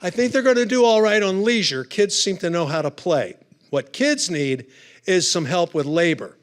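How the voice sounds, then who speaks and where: A man's voice: high-pitched, normal speed. A man speaking at a conference, telling humorous stories in a chatty, conversational way with punchy asides. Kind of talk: humorous storytelling talk. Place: conference hall.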